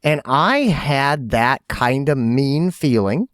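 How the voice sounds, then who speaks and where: A man's voice: mid-range voice, animated, slow pace, a bit bright, no echo, clean studio sound. A middle-aged man co-hosting a podcast in casual chat, telling a story and acting out his own quotes with energy. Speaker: podcast co-host.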